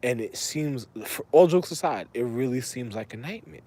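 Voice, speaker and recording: A man's voice: medium pitch, expressive, moderate pace, mellow. A man rambling in a monologue, repeating himself and breaking into laughter. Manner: repetitive, laughing, erratic.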